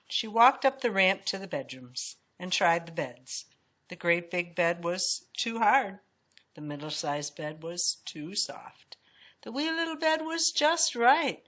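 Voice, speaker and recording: A woman reading a children's story aloud with an expressive, swinging storytelling delivery. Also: medium pitch. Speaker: storybook reader.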